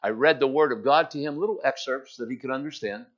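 A middle-aged man preaching a sermon, retelling a story with emphasis and acting out its quotes, then telling a personal story in a quieter, conversational way. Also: mid-range voice, fast. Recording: dull lo-fi filmed sermon.

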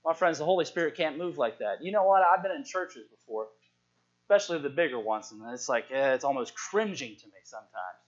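Lively high-voiced male preacher, lo-fi. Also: a little fast. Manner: lively, call-and-response preaching, swings from hushed to shouting. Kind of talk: sermon. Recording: dull lo-fi sound.

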